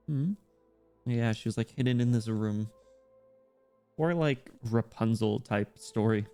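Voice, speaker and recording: A man's voice: medium pitch, unhurried, pauses often, smooth, faint music behind. A man streaming a game, chatting casually with viewers and reading story text aloud, with lots of filler words. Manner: chatty, talks directly to viewers, frequent "like" fillers; reads story text aloud in a softer, quieter voice.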